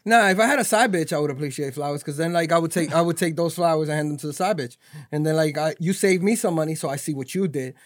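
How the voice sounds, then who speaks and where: A man co-hosting a podcast in casual, joking chat, loose and slangy, acting out quick voices. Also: on the high side, no room sound, clean studio sound. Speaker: podcast co-host.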